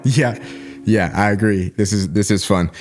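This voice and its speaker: A man's voice: on the low side, measured pace, darkish tone, faint music behind. A man hosting a relationship podcast, introducing his guest casually with frequent filler sounds. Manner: casual, many filler uhs. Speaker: podcast host.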